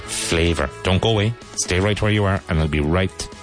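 Deep-voiced man teaching vocabulary. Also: music in the background. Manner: repeats words slowly and stresses syllables for learners. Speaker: English teacher. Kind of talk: radio-style language lesson.

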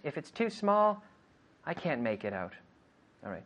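Fairly high in pitch, this man keeps a measured pace and pauses often, and the audio sounds dull. He's a native English speaker teaching an English lesson, lively and repetitive, drilling questions and playing both roles in the dialogue.

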